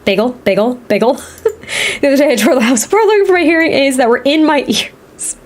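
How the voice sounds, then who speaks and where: A woman's voice: sits high, fairly quick, a little hiss or hum. A woman in her thirties chatting casually on a gameplay stream, rambling and laughing often. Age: 30s. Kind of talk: casual livestream chat while playing.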